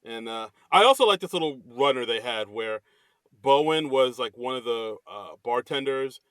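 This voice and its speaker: A man co-hosting a podcast in casual chat, animated and quick to laugh. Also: medium pitch, smooth, no echo. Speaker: podcast co-host.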